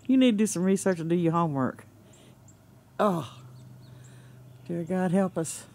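A man's voice: high voice, normal speed, long pauses, darkish tone. A man filming outdoors with a handheld camera, talking in an agitated, exasperated way and swearing now and then. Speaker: amateur video maker. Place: outdoors under open sky. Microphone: handheld camera mic.

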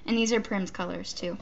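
Woman vlogger, slow-talking, bright tense voice, giggly, dull lo-fi sound with faint hiss. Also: medium pitch, creaky. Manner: gushing, stammering, giggly. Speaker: vlogger opening a gift box. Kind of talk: casual unboxing chat. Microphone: off-camera, not shown.

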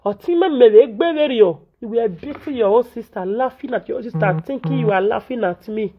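Nigerian lady ranting on her vlog, keeps repeating herself, kinda high voice, muffled audio. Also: expressive, fairly quick. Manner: indignant, repetitive, scolding. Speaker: vlogger. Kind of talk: venting in Nigerian Pidgin. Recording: dull lo-fi audio.

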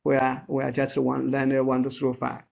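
A man whose first language is Chinese, teaching pronunciation in a casual one-on-one lesson, halting and repeating words as he models sounds slowly. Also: mid-range voice, completely flat delivery, creaky, darkish tone.

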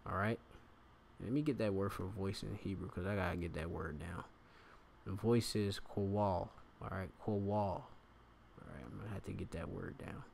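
Casting note: man with a lowish voice, relaxed bible teacher, reads verses then chats through them. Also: gravelly, a little hiss or hum. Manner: reads scripture aloud, pausing to explain words with frequent fillers. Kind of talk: informal scripture lesson.

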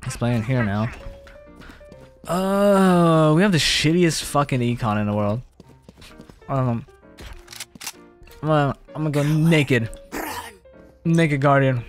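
A man streaming a shooter game, chatting casually and excitably, swearing and joking about his own play, close on his mic. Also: fairly high pitch, slow pace, pauses often, soft background music. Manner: casual, profane, excitable, self-deprecating. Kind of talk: live gameplay commentary. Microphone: close desk mic with popping plosives.

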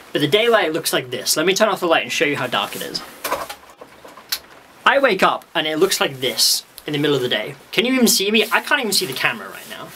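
A man's voice: fairly high pitch, pushed and bright, slight background noise. A young man talking casually and wryly to the camera from a dim room at his desk, meandering and laughing at himself. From Wales. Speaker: vlogger. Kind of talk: casual rambling vlog.

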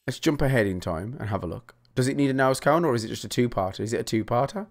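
A man talks through a game he is playing, rambling into jokey rants aimed at his viewers. His voice sits at an ordinary middle pitch, and his chatter is loose and full of swearing. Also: lively intonation, fast talker. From England. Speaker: gaming YouTuber. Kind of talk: casual let's-play commentary.

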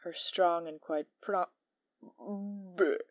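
A woman's voice: fairly low pitch, steady tone, moderate pace, darkish tone, slight background noise. A woman reading narration for a fan dub, giggly and stumbling over words. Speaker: voice actor.

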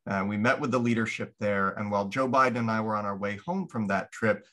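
A man's voice: on the low side, a little fast, sharp tone. A man on a panel discussion, eagerly jumping in to respond.

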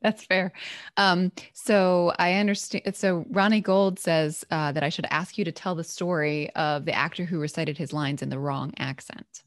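A woman interviews a guest and puts in brief, friendly reactions. Her voice sits on the low side, and the recording is dry with no room sound. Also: fairly even intonation, moderate pace, no echo.

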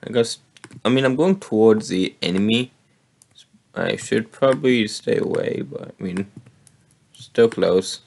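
Slow, gravelly-voiced gaming host. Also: male voice, lowish voice. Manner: relaxed, thinking aloud while playing. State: slightly hoarse. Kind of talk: casual gameplay commentary.

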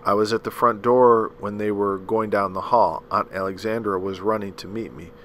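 A man narrating a novel aloud in a measured, dramatic storytelling manner, with the occasional slip. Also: on the low side, fairly even intonation, a bit bright, low-quality recording. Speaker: audiobook reader.

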